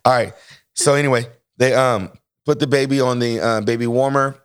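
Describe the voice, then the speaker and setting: A man casually telling a family story to a microphone, animated and acting out other people's voices. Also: mid-range voice, moderate pace, smooth, dry recording, studio quality.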